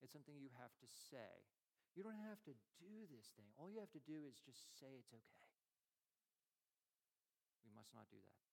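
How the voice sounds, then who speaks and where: A man preaching a sermon as pastor, conversational and self-deprecating, swinging from emphatic lines to quiet, low ones. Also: sing-song, normal speed, creaky, long pauses. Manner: conversational, self-deprecating with frequent light laughs.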